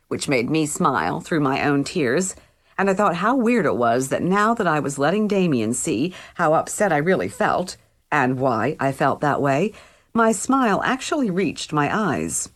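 A woman reading a first-person novel aloud as an audiobook narrator, in a wry, conversational storytelling manner. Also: deep voice.

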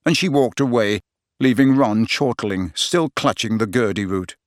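A man narrating a story in a steady, expressive reading voice on a close microphone. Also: medium pitch, moderate pace, no room sound. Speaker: audiobook narrator. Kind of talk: scripted narration.

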